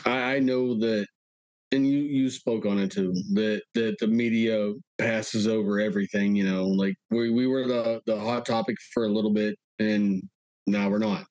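Earnest low-voiced man, interview guest. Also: fairly even intonation, normal speed, a little mellow, no room sound, highs cut off. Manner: earnest, repeats words, clears throat. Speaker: guest, local resident. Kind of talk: casual interview talk.

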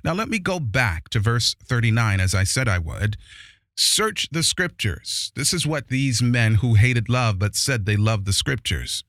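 A man preaching a sermon who reads scripture slowly and with emphasis, then explains it with force. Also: mid-range voice, lively intonation, a bit bright, dry recording, studio quality.

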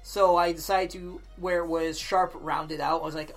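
A man's voice: fairly high pitch, little pitch movement, normal speed, faint music behind. A man chatting casually as a podcast guest, making short laid-back remarks. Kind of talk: casual chat.

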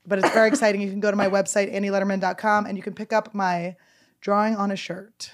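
A woman with a raspy voice, co-hosting a podcast and telling stories in casual chat. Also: mid-range voice, brisk. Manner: animated, jokey storytelling. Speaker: podcast co-host and comedian.

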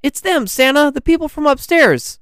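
A mischievous little elf boy, high strained voice, storybook read. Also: moderate pace, smooth, no room sound, clean studio sound. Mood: alarmed. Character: young male elf, naughty but remorseful.

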